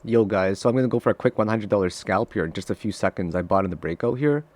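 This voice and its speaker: A man giving live trading commentary to his viewers, excitable and profane, swinging from loud frustrated outbursts to low muttering. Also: fast talker. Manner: talks straight to viewers, calling them guys. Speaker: day trader streaming live trades.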